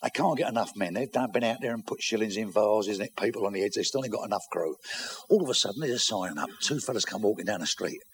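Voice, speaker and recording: A man's voice: fairly low pitch, fast talker, slight background noise. A man telling bawdy jokes to a live audience, swearing freely and acting out the characters. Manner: crude, swears often, acts out characters in loud voices and stammers. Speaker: stand-up comedian telling jokes.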